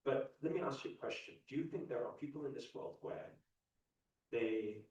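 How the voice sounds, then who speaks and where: A man in his thirties leads a motivational talk in a large hall and keeps asking the audience questions. His voice booms back in a very echoey space. He stands well away from the microphone. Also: expressive, moderate pace, darkish tone, highs cut off. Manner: questions the crowd, repeats lines for emphasis. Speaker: spiritual teacher. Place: large hall at a live event. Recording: echoey hall, speaker far from mic.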